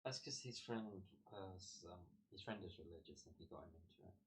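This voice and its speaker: A middle-aged man giving short, low-key answers as a guest in casual chat. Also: brisk, creaky. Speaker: streamer's boyfriend, guest.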